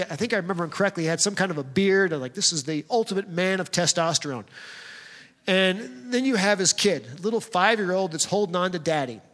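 A man's voice: high voice, a bit bright. A man preaching a sermon as a pastor, talking straight to the congregation in a conversational, storytelling way. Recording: long hall reverb.

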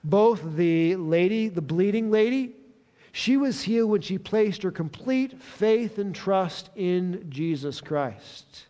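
A man preaching a sermon as a pastor, telling the story in an animated way that swells with excitement. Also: high-pitched, takes it slowly, big-room sound, lo-fi sound.

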